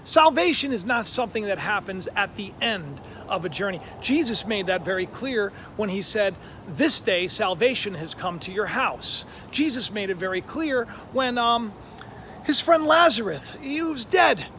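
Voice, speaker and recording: A man's voice: high-pitched, expressive, moderate pace, pushed and bright, slight background noise. A man who hosts his own channel, giving a casual, conversational sermon full of fillers and tag questions. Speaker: online preacher, channel host.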